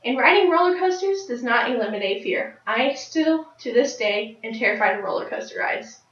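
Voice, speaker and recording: A nineteen-year-old woman telling a personal story in a speech, with lively, excited jumps in her voice. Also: a little high, normal speed. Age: late teens. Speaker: speaker giving a personal speech. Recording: dull, roomy sound from a distant mic.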